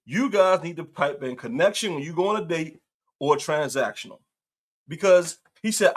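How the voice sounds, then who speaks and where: A man's voice: on the high side, animated, normal speed. A male host telling a story in casual commentary, acting out the quotes and laughing often.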